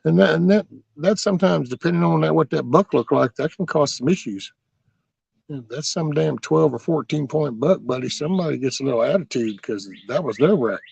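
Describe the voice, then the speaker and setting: Man, gravelly, dry close sound, casual livestream chat, folksy rambling stories. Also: a little high, expressive, a little fast, a little mellow, no echo, lo-fi sound. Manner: rambling, folksy storytelling with mild cursing. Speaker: livestream host. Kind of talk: casual livestream chat, answering viewer comments.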